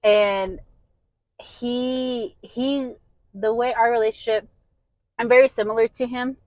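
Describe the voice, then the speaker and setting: A woman in her thirties being interviewed, speaking haltingly with many fillers and an emotional tone. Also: a little high, steady tone, darkish tone, dry recording, rough recording. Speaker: interview guest. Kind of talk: casual interview.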